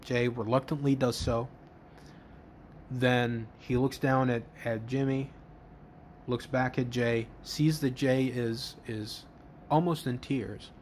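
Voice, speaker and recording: A man's voice: medium pitch, fairly even intonation, takes it slowly, a little mellow, a little hiss or hum. A man casually narrating an imagined wrestling show step by step, often restarting and repeating words as he goes. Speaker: host, fantasy booker. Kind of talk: casual play-by-play storytelling.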